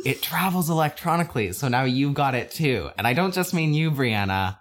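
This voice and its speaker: Woman podcast cohost, low voice, goofy rambling bits, laughs a lot. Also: expressive, a little fast. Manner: playful, rambling absurd bits, laughs often. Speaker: podcast co-host. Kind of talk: casual comedic chat.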